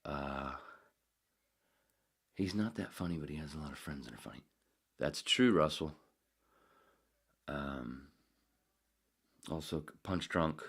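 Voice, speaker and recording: Very deep-voiced rambling male podcast host. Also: takes it slowly, creaky, pauses often, a bit bright, slightly rough. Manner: rambling, swears a lot, mutters asides. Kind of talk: casual solo podcast chat.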